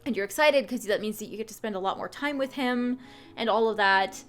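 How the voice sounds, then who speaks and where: A woman's voice: fairly high pitch, a little fast, fairly bright tone, soft background music. A woman hosting a game channel, reviewing a game ending in a casual, chatty way with lots of fillers.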